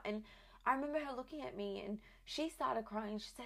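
A woman's voice: a little high, fairly quick, vocal fry, fairly bright tone. A young adult woman, a new mother, telling her own story in a candid, chatty way with lots of "like" fillers. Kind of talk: casual personal storytelling.

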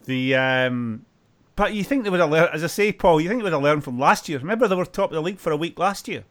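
Man, podcast host, somewhat high voice, lively, joking, casual chat. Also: fast. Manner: lively, joking, uses Scottish slang.

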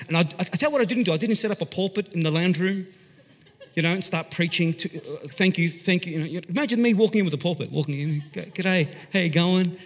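An Australian pastor tells a story from the pulpit, chatty and animated, rising loud and dropping to a hush. His voice sits a little high and sounds husky. Long reverb from a large church hall trails behind every phrase. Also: fast. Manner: animated, conversational, swings from loud to hushed. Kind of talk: storytelling sermon.

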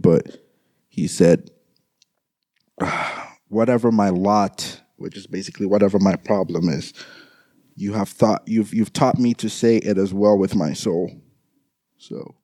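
A young man speaking in a halting, soft-spoken personal monologue, grieving and trying not to cry, often repeating his words. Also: lowish voice, breathy edge, no room sound. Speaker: grieving brother addressing listeners.

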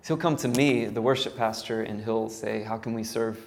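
A man's voice: lowish voice, fairly even intonation, moderate pace, gravelly. A man in his thirties, a worship pastor, telling his story casually to a church audience with many fillers and self-deprecating asides. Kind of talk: church talk. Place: church hall. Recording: hall reverb, faint ambient noise.

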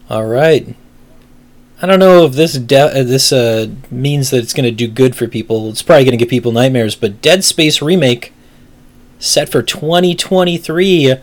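Casting note: male podcast co-host, even mid-pitched voice, easygoing banter about game news. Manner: relaxed, joking. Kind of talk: casual gaming news chat.

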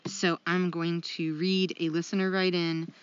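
A woman's voice: on the low side, level tone, a little slow, highs cut off, slight background noise. A woman co-hosting a casual podcast, chatty and self-deprecating, with lots of ums. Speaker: podcast co-host.

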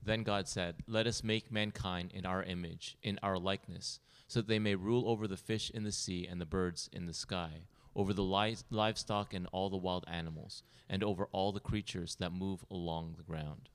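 Deep-voiced man reading scripture. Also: fairly even intonation, normal speed, few pauses, clean tone. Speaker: scripture reader. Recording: long hall reverb.

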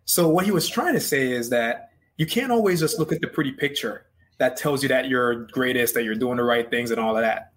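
A man's voice: mid-range voice, brisk, fairly bright tone. Earnest male coach, motivational tone. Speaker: life and business coach, guest. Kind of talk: interview conversation.

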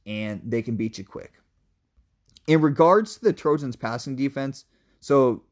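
A young man co-hosts a college football podcast and sounds like he is talking through his picks. His voice sits at an everyday middle pitch. His delivery is emphatic and opinionated, casual, with the odd curse thrown in. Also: a little mellow. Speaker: sports podcast co-host.

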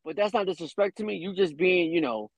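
A man with a high pitch chats in a casual podcast, and his voice sounds dry and close. He jokes freely and keeps cutting in over the others. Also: fairly quick, breathy edge, no room sound. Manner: interrupting, joking, keeps saying "listen".

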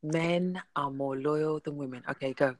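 A woman's voice: low-pitched, unhurried. A woman hosting a casual podcast, chatty and teasing, laughing often. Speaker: podcast host.

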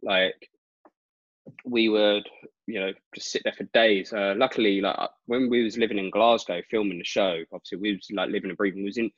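A British man with a fairly low voice chats as a guest, telling stories with energy and a stream of "like" fillers. The recording is dull and dry, with a lo-fi sound. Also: brisk, no room sound. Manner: animated, lots of "like" fillers. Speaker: guest magician. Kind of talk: casual storytelling chat.

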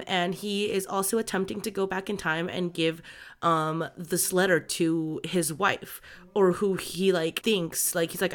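A woman's voice: lowish voice, fairly bright tone. A young woman co-hosting a book podcast, talking casually and with feeling, with lots of "um" and "like" as she retells a story. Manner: emotional, lots of fillers like "um" and "like".

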